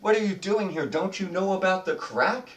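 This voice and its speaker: Shrieking, frantic old goblin. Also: male voice, sits high, lively intonation, moderate pace, fairly bright tone, distant mic, voice pushed up. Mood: urgent. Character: panicky white-haired old male goblin. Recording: roomy, off-mic, faint music behind.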